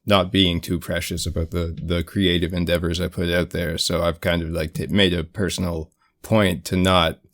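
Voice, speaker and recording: A man's voice: sits low, flat delivery, normal speed, fairly bright tone. A man co-hosting a casual podcast, speaking candidly and loosely with casual swearing. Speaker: podcast co-host and player.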